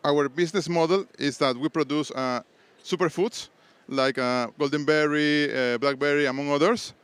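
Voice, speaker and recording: A man from Peru, a startup founder giving a conference pitch with many hesitations and restarts. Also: fairly even intonation, moderate pace, fairly bright tone, smooth, dry recording. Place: conference stage.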